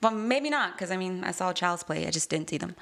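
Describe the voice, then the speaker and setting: A woman's voice: fairly low pitch, expressive, fairly quick, vocal fry, over a noisy crowd. A woman co-hosting a podcast, chatting casually and enthusiastically, often trailing off mid-sentence. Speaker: podcast co-host. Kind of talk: casual chat.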